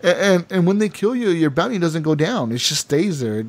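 A man's voice: a little high, moderate pace. A young man co-hosting a casual gaming podcast, telling stories animatedly and acting out the characters. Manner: animated storyteller, acts out game characters. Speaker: podcast co-host.

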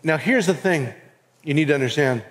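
Brisk and lively in intonation, this pastor's slightly high voice carries a Southern US accent through a church sanctuary's long reverb. His sermon is earnest, and he acts out quoted voices.

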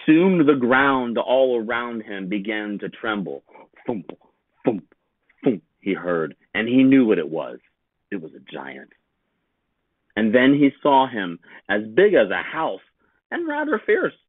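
Slow, very expressive male storybook reader. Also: on the low side, dry recording. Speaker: teacher. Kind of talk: reading a picture book aloud. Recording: tinny phone-like sound, dry.

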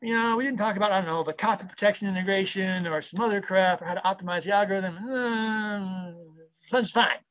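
A man in his fifties, an audio software engineer, chatting casually in an interview and rambling enthusiastically as he interrupts himself. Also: high voice, a little fast.

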